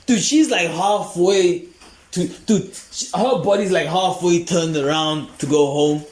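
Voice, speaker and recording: A man's voice: high voice, unhurried, a little mellow. A man hosting a comedy podcast, telling a rambling, profane story and laughing often. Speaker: podcast host.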